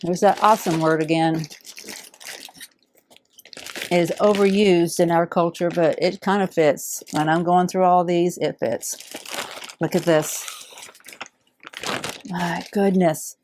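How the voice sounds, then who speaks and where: A middle-aged woman, warmly unboxing donated fabric in heartfelt, awed casual chat. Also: lowish voice, steady tone, unhurried, long pauses, a little hiss or hum. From Alabama. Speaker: quilting channel host.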